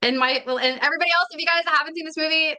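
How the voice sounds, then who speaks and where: A woman podcast host chatting casually and making friendly, quick asides. Her voice is high and bright. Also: steady tone. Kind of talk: casual chat.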